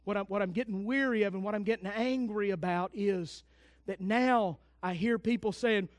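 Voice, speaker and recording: A man preaching a sermon as pastor, fervent and swinging from loud declarations to hushed, intense asides. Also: high voice, moderate pace, no room sound, studio quality.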